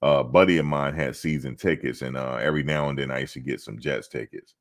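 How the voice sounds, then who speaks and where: A man's voice: very deep voice, quick pace. A man hosting a sports livestream, chatting casually and teasing the viewers who comment. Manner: teasing, talks back to chatters. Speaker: sports channel host.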